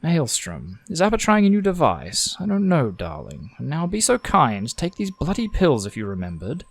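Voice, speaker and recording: A man's voice: fairly high pitch, wildly swooping pitch, moderate pace, vocal fry, exaggerated voice. A man doing a weary, distracted husband. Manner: dismissive, tired.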